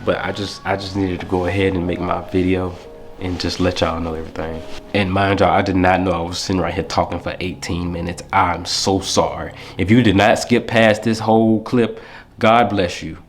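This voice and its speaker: A man's voice: low-pitched, level tone, moderate pace, slight background noise. Emotional young man talking to camera. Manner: heartfelt, rambling, emotional. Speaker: vlogger. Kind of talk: casual talk to camera.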